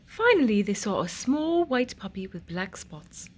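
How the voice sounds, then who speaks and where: A woman reading a children's picture book aloud in an expressive, sing-song way. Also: medium pitch, unhurried. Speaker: storyteller.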